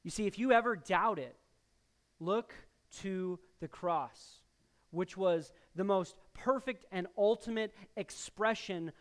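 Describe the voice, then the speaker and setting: High-voiced man preaching a sermon. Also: smooth. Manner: emphatic preaching with sudden louder bursts and soft drops; addresses the congregation directly as church. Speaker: pastor.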